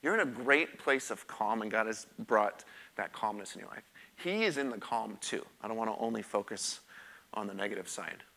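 Middle-aged male pastor, bright forceful voice, candid preaching with repeated emphatic phrases. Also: fairly low pitch, expressive, normal speed, vocal fry. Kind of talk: sermon with personal testimony.

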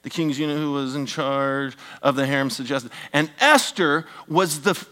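Animated preacher man, higher voice. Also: a little fast, few pauses. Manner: animated, swings from loud emphatic bursts to hushed near-whispers; joking asides to the congregation. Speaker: pastor. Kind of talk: sermon.

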